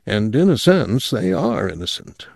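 A man's voice: lowish voice, sing-song, measured pace, a little mellow, no room sound, clean studio sound, exaggerated voice. A man voicing an ambitious young male official who speaks breezily and agreeably. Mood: assured. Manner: breezy, eager, smoothly agreeable.

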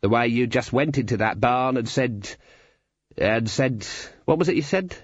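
A man's voice: medium pitch, normal speed, husky, no echo, lo-fi sound, natural voice. A man voicing an eager, earnest male helper in a storybook reading.

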